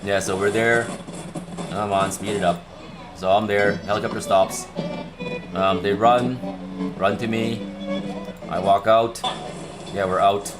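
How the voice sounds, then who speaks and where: Brief: a livestream host, a man with a lowish voice, excitable and rambling. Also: unhurried, pauses often, music in the background. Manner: excited, rambling, repeats himself. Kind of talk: casual chat.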